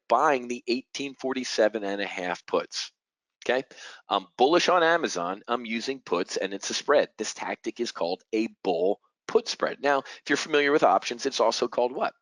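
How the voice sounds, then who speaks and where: A man's voice: mid-range voice, lively intonation, moderate pace, fairly bright tone, dry recording, rough recording. A middle-aged man teaching a live options-trading webinar, punchy and direct, firing rhetorical questions at the audience and using fighter-pilot jargon. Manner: punchy, talks straight to the audience.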